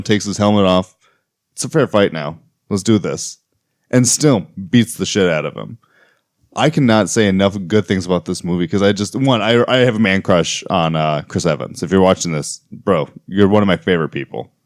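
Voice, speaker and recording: A man co-hosting a podcast, telling a story in a halting way with repeated words and laughs. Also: low-pitched, no echo, studio quality. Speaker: podcast co-host. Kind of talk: casual chat about comic book movies.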